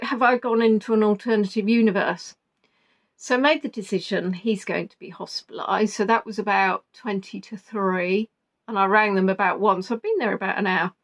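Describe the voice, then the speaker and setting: Woman vlogger, emotional, rambling storyteller with a fairly high voice; she slips in and out of quoted dialogue. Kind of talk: casual storytelling.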